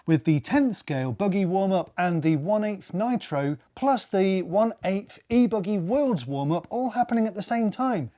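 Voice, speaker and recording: A man's voice: sits high, expressive, moderate pace, few pauses, mellow. A man co-hosting a casual racing news show, chatty and joking as he reads headlines. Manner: chatty, jokey, thinks aloud. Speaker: news co-host.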